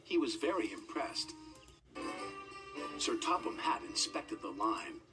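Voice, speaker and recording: A man giving a gentle, expressive scripted narration of a children's story. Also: medium pitch, takes it slowly, far from the mic, music in the background.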